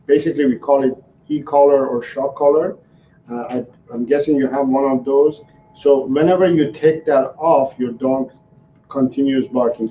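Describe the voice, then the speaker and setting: A man's voice: medium pitch, a little hiss or hum. A male dog trainer answering viewer questions live, explaining in an earnest, repetitive way. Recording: roomy, slightly dull livestream audio.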